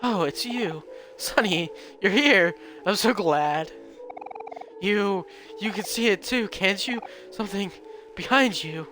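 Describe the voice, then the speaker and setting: A man's voice: high-pitched, lively intonation, slow, over music, pitched above the performer's own voice. A man reading the lines of a fragile, anxious teenage boy who clings to others. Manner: reads game dialogue aloud, repeats lines. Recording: noisy recording.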